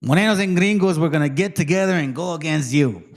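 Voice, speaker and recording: A man hosting his own channel, ranting heatedly to viewers, swearing often and dropping into Spanish slang. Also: fairly high pitch. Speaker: channel host. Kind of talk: profane casual rant to viewers.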